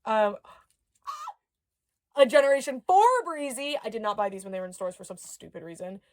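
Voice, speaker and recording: A woman's voice: mid-range voice, moderate pace. Chatty woman unboxing toys. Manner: chatty, excitable, with gasps and soft murmurs. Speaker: doll collector YouTuber. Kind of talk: casual unboxing chat.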